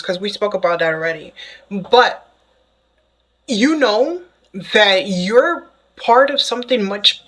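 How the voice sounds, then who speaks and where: Excitable lady doing a tarot reading, chatty, keeps saying okay, middle pitch. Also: poor audio. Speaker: tarot reader. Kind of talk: casual spoken tarot reading to the viewer.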